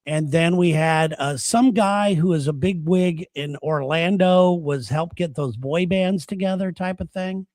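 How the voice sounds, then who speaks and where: Higher-pitched man telling a story. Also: measured pace, hardly any pauses, darkish tone, no echo, clean studio sound. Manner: storytelling, laughs while talking. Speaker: radio show host. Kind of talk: casual chat.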